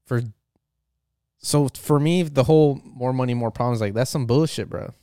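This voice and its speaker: Smooth-voiced man rambling profanely. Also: medium pitch, normal speed, warm tone, dry recording, studio quality. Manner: profane, joking, full of fillers. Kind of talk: casual rambling monologue.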